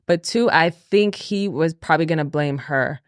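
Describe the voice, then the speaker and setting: Una mujer joven, copresentadora de podcast, habla con franqueza en tono de charla, riendo y frenando para recalcar. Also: female voice, low voice, no room sound, studio quality. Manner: candid, laughing, slows down to stress points. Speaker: podcast co-host. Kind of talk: casual chat.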